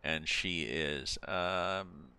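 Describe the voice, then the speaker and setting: A man's voice: very deep voice, very slow, pushed and bright, clear, resonant tone. A man streaming a farming game, chatting casually and thinking aloud as he goes. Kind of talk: casual gameplay chat.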